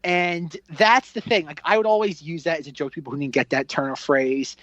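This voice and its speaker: A man's voice: on the high side, brisk, no echo, muffled recording. A man co-hosting a film podcast, chatting casually and acting out his own reactions with jokes. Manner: animated, jokey, acts out his reactions. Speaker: podcast co-host. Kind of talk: casual chat.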